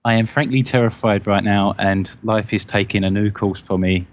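A man co-hosting a gaming podcast, reading a listener email aloud in a halting, self-conscious way with frequent stumbles. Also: fairly low pitch, steady tone. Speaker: podcast co-host.

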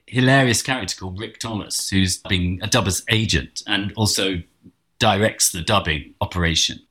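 A man's voice: low-pitched, moderate pace, bright, forceful tone. Posh English man telling wry stories. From England. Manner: wry, rambling anecdotes with restarts. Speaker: guest. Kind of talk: casual storytelling chat.

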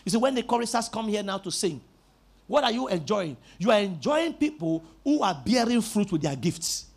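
A man with a very high, husky voice preaches a sermon. He swings his pitch up and down as he drives points home, repeating key words and breaking into shouts. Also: big pitch swings, normal speed. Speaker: pastor.

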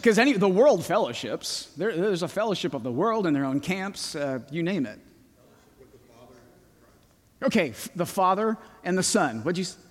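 A man preaching a sermon slowly and emphatically, often asking the congregation questions. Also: fairly high pitch. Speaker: pastor. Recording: long hall reverb.

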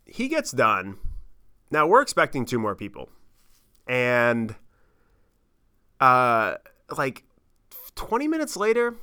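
A man in his thirties telling a travel story on his podcast, animated and rambling, with lots of swearing and fillers. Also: on the high side, clear, resonant tone. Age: 30s. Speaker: podcast host. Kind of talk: casual storytelling monologue.

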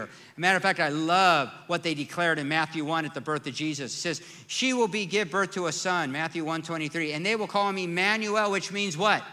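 A man's voice: bright, forceful tone, in a large hall. A man preaching a sermon as pastor, conversational and emphatic, asking the congregation questions. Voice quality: self-described squeaky voice.

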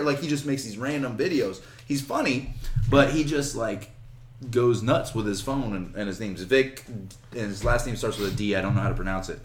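A man co-hosting a casual chat in an animated, joking way. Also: lowish voice, brisk, slight background noise. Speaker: podcast co-host.

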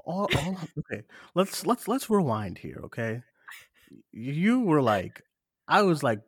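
A man co-hosting a podcast, ranting in rapid bursts with emphatic swearing. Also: a little high, big pitch swings, breathy edge, dry recording, clean studio sound. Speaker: co-host. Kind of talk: heated casual podcast chat. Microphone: studio mic, remote co-host.

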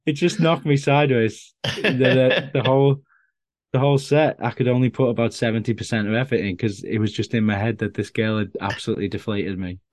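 Speaking briskly in a mid-range voice with fairly even intonation, a stand-up comedian guest tells self-deprecating anecdotes with many restarts. The recording is studio quality with no room sound.

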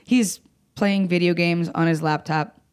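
A young woman telling a personal story in casual conversation, blunt and swearing, acting out quoted lines with jumps in pitch. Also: fairly even intonation, unhurried, a little mellow, clear, resonant tone. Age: young adult. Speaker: guest.

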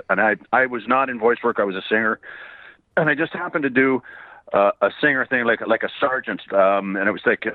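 A man from Canada, slightly hoarse, telling rambling stories as a guest voice actor, laughing often and acting out quoted voices. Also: medium pitch, no echo. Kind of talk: casual interview storytelling. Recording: tinny phone line.

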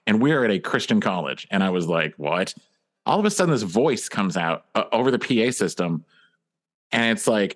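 A man's voice: lowish voice, very animated, a little fast. A man telling a story in a casual comedy podcast, with a dry, self-deprecating delivery.

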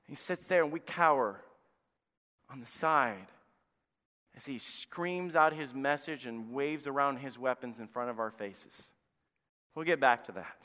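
A pastor preaching a sermon with passion, moving between loud emphatic lines and hushed asides. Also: male voice, on the high side, clear, resonant tone, in a large hall.

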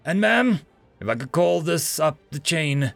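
A man's voice: a little high, sing-song, unhurried, gravelly, fairly bright tone, dry recording, soft background music, full character voice. A man voicing a tough woman marine sergeant who speaks in a clipped, commanding way. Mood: stern.

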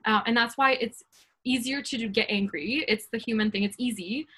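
Bright, earnest woman in her thirties. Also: fairly high pitch, normal speed, breathy edge. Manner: earnest, rambling, many fillers and tag questions. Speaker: podcast guest. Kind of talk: casual faith talk.

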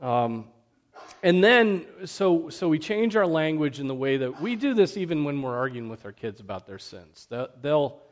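A man's voice: a little high, big pitch swings, moderate pace. A man preaching a sermon in an earnest, emphatic way, often checking in with "right?".

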